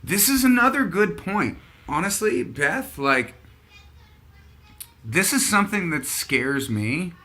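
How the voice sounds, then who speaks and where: A man's voice: high voice, very animated, takes it slowly, bright, forceful tone, soft background music. A man hosting a casual chat show, rambling and thinking aloud as he talks. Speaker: podcast host.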